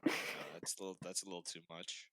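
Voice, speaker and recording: A man's voice: low voice, flat delivery, fairly quick, bright, forceful tone, dry recording. A young man with a Boston accent chatting casually as a podcast guest, laid-back and laughing often. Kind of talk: casual chat.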